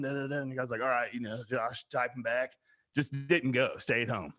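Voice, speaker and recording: Midwestern male podcast co-host, bright forceful tone, loud laughing storyteller, swears freely. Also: mid-range voice, steady tone, moderate pace. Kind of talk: casual chat.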